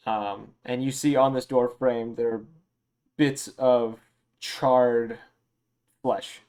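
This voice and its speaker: A man narrating a tabletop game as game master, relaxed and loose, with many fillers. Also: mid-range voice, slow pace, clear, resonant tone.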